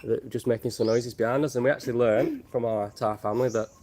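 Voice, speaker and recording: Outdoors in Thailand among birds and geckos, a Northern English travel vlogger reads viewer questions aloud with jokes during a casual livestream. He speaks fast in a steady, mid-range voice that's a little mellow.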